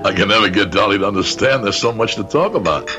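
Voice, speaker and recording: Speaking quickly over music, a man with a fairly low voice gives a lightly acted turn as a chatty, genial 42-year-old businessman and husband. The mood is warm, with jovial laughter and a nostalgic streak.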